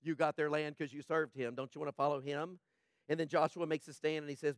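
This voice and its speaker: A man preaching a sermon, animated, with stammered restarts and sudden drops to a low, quiet delivery. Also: fast, dry recording, studio quality. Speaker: pastor.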